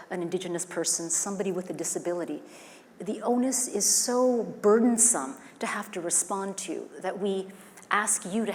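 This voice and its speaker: A woman's voice: mid-range voice, darkish tone. A woman facilitating a workshop, speaking earnestly and guiding the room with questions. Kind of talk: live workshop talk. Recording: echoey hall with faint noise.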